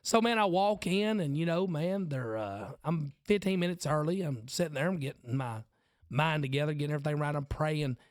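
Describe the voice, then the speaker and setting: A man's voice: on the high side, fairly quick, no echo, studio quality. A man in his forties with a Southern accent, a podcast host and preacher telling a self-mocking story in casual chat. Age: 40s.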